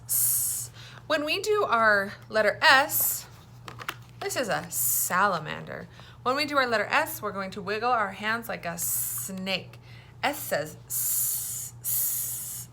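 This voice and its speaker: Slow, bright-voiced woman teaching phonics. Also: medium pitch, slight background noise. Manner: slow, clear, encouraging teacher talk with call-and-response prompts. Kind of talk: early-reading phonics lesson.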